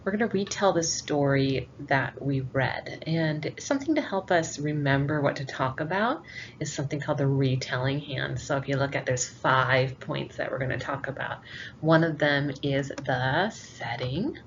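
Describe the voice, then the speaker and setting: A kindergarten teacher, a woman, reading a picture book aloud to children and walking them through it in an expressive way. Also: extremely low pitch, normal speed. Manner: expressive, animated read-aloud. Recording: dull lo-fi with faint hiss.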